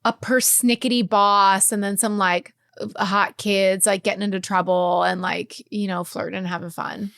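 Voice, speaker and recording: A woman co-hosting a podcast in casual, enthusiastic banter. Her voice sits at an average pitch, and she reacts with playful excitement. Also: moderate pace, vocal fry. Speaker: podcast co-host. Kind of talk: casual chat.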